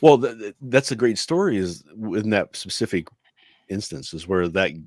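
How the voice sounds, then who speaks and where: A man's voice: lowish voice, expressive, moderate pace, darkish tone, no echo. A man co-hosting a casual podcast, rambling through his opinions with restarts and chuckles. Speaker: co-host.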